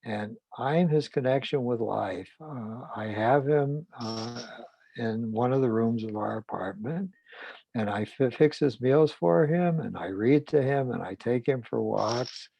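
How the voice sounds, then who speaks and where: A man's voice: medium pitch, a little slow, vocal fry, dark tone, dry recording. A man quoting a despairing elderly woman. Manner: faltering, stammering.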